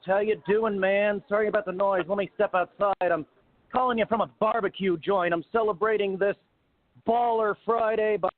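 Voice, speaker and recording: Male caller, higher pitch, laid-back and opinionated, sarcastic; dry, narrow phone audio. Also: no room sound. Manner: casual, opinionated, sarcastic quoting. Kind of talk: call-in radio chat. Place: outside a barbecue restaurant. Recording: dry, tinny phone line.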